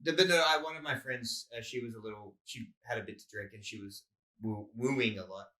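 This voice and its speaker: A man's voice: fairly low pitch, brisk, sharp tone. A man with an Australian accent, a comedian co-hosting a podcast, telling rambling stories and acting out quotes in casual chat. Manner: rambling, storytelling with acted-out quotes. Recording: roomy echo.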